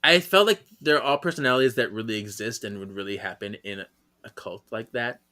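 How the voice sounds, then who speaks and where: A man with a bright, forceful voice recaps a story in loose, casual podcast chat. He giggles often and slips into quick high voices for the characters' lines. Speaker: podcast co-host.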